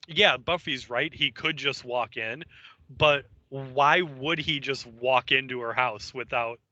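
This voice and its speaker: A man's voice: medium pitch, slow, bright, forceful tone, dry recording. A man co-hosting a podcast, chiming in casually with asides and his own take while recapping an episode. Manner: chatty, chiming in with asides and laughs. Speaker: podcast co-host. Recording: dull, muffled podcast mic.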